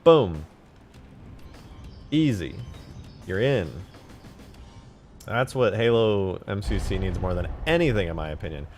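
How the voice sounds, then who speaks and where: A man casually chatting on a live stream about modding a game, excitable and profane, with sudden loud outbursts. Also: deep voice, unhurried, pauses often, faint music behind. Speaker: game modder streaming his work.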